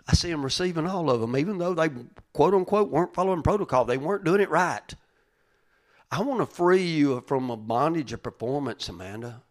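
Older man, drawl, pastor, folksy conversational sermon, loud rises and hushed asides. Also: a little high. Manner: folksy, speaks to listeners by name, voice swings from loud rises to quiet asides.

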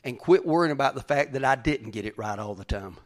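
Man, pastor, folksy sermon, loud to whispered swings. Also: medium pitch, animated, a little fast.

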